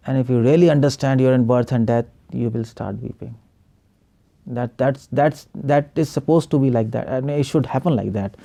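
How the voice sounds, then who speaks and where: A man's voice: mid-range voice, gravelly, warm tone. A male preacher giving an online spiritual class over a video call, firing rhetorical questions at the class and chuckling often.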